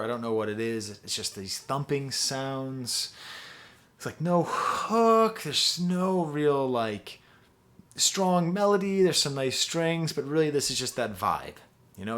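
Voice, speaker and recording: Male music reviewer, excited and rambling, average pitch. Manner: enthusiastic, rambling, many fillers. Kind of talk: album review monologue.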